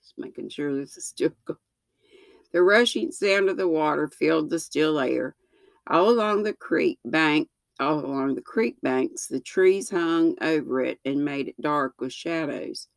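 A woman in her sixties reading a children's book aloud, slow and gentle, with small slips that she corrects. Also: low-pitched, lively intonation, creaky, no echo. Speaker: storyteller.

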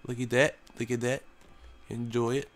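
A man's voice: mid-range voice, flat delivery, moderate pace, faint music behind. A young man, sick with a cough, giving casual joking commentary while playing a flight game as a mock tour pilot. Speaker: gaming YouTuber.

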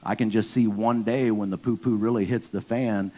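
A man preaching a casual sermon to his church, blunt and conversational with slang, climbing into loud emphatic bursts. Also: lowish voice, steady tone, normal speed. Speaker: pastor.

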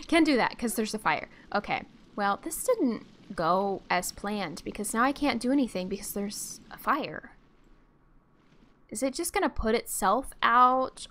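A woman's voice: on the high side, fairly bright tone, a little hiss or hum. A young woman streamer giving bubbly, giggly let's-play commentary and chatting to her game characters. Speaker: gameplay streamer.

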